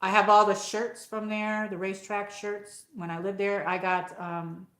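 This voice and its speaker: A woman's voice: medium pitch, flat delivery, measured pace, a bit bright, reverberant. A woman with an upstate New York accent hosting a rambling, casual live chat and reading out viewer comments. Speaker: livestream host.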